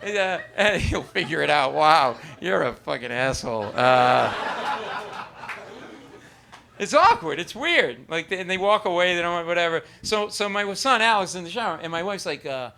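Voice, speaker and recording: A man's voice: fairly high pitch, big pitch swings, normal speed, creaky, pushed and bright, slight background noise. A middle-aged man doing a stand-up comedy set on a club stage, rambling and profane, acting out both sides of arguments. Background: audience laughter.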